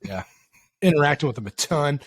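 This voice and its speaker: A man's voice: on the high side, expressive, fairly quick, no room sound. A man co-hosting a podcast, rambling and swearing with self-mocking humor in casual banter. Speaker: podcast co-host.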